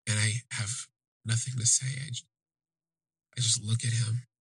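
Very husky man, flat storytelling. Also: medium pitch, no room sound. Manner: halting, emotional retelling. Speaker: podcast host. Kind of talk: personal storytelling.

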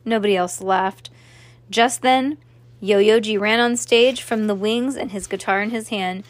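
A woman's voice: mid-range voice, steady tone, measured pace, no echo. A woman reading a children's novel aloud, stopping now and then to chat and react to the story. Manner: chatty, breaks off to react to the story. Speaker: reader.

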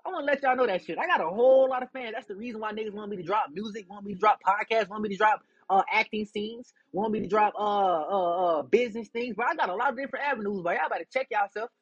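Profane, defiant young man, husky voice. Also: high voice, fast talker, hardly any pauses, no echo, muffled recording. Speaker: podcast host. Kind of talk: casual rant to listeners.

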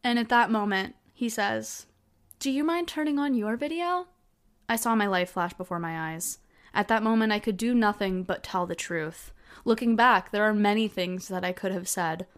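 A woman's voice: mid-range voice, fairly even intonation, normal speed, clear, resonant tone. A woman in her twenties hosting her own podcast, telling stories in a chatty, casual way with lots of fillers. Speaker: podcast host. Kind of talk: casual solo chat.

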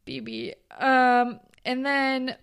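A woman's voice: sits high, very animated, extremely slow, a bit bright, clean tone. A woman co-hosting a podcast, chatting casually about a TV episode, acting out the characters' lines and laughing often. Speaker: podcast co-host. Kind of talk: casual chat recapping a TV episode.

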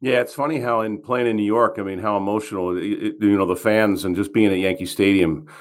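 A man, a former player co-hosting, speaking in a measured, reflective way with some halting restarts. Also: fairly low pitch, fairly even intonation. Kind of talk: casual interview.

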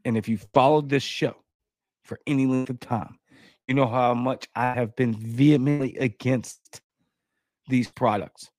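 A man hosting his own political talk show, ranting in a heated, sarcastic and blunt way, his pitch jumping up when he gets outraged. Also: steady tone, unhurried, a little mellow, dry recording. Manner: blunt, insulting. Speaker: host of a political commentary show. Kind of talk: ranting commentary.

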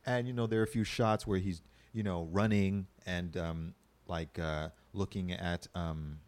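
A man co-hosting a casual, profane chat about films, animated and quick to act out quotes. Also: low voice. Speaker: podcast co-host.

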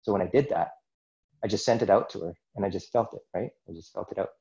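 A man's voice: low-pitched, fast, dark tone, dull audio. A man as a podcast guest, earnestly recounting a personal experience in a rambling, casual way with many asides. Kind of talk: personal storytelling in a casual interview.

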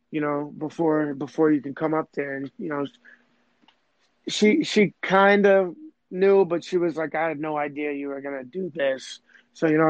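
A man's voice: a little high, no echo. A young man casually telling a personal story, rambling and emotional, full of fillers and restarts. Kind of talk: casual conversation. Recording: dull lo-fi sound.

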